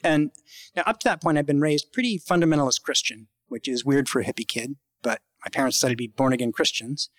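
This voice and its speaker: A man telling a true personal story in a casual, halting way, full of fillers and restarts, jumping higher when he acts out quoted lines. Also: a bit bright, no room sound. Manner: acts out quoted lines with sudden high pitch.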